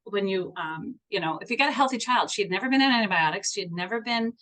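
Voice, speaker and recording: This middle-aged woman speaks as a guest homeopath in a podcast interview. Her voice sits at an ordinary pitch. She tells stories earnestly and animatedly, often stopping to restart a phrase. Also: expressive, fast talker, fairly bright tone.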